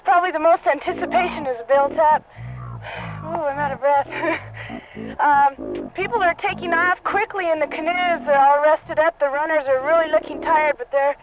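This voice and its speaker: A woman's voice: high-pitched, sing-song, normal speed, music in the background. Breathless woman field reporter. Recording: dull distant radio link.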